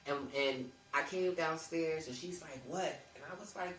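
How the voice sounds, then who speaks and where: A woman's voice: sits low, moderate pace. Woman telling a story in a roomy room. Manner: animated, acts out quoted people. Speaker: podcast co-host. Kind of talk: casual storytelling. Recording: roomy, distant mic with faint noise.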